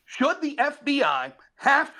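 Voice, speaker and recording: A man's voice: very high-pitched, wildly swooping pitch, slow, sharp tone, rough recording. A middle-aged man with a wife and son, debating politics sarcastically and talking over his opponent. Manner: sarcastic, talks over the other speaker. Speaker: debate guest. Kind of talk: heated debate.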